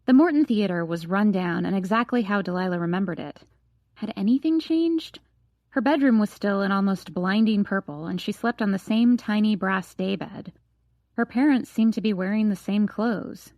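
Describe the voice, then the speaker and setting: A woman narrating a young adult novel as an audiobook reader, in an even storytelling manner. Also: medium pitch, normal speed, no room sound, studio quality. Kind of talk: scripted narration.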